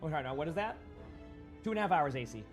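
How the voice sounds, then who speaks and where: A man's voice: fairly high pitch, animated, very fast, faint music behind. A young man with a Boston accent giving casual, rambling live-stream commentary while playing and chatting with viewers on a headset mic.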